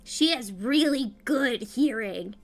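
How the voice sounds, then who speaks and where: Woman doing a goofy dirt-rolling tomcat, high bouncy voice, cheery. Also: expressive, slow pace, soft background music. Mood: cheerful. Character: scruffy easygoing male cat.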